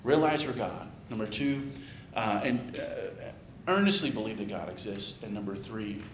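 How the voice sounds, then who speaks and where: A man's voice: fairly low pitch, normal speed, loud music behind the voice. A male pastor giving a conversational sermon, tossing in jokes and rhetorical questions. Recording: echoey room with clear background noise.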